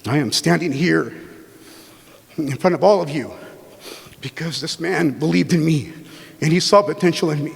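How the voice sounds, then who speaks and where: A man pays an emotional tribute to his mentor. His voice is gravelly and raspy, pitched a little high, and it echoes through a banquet hall with long reverb. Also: moderate pace, pauses often. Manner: emotional, heartfelt. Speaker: colleague giving a tribute.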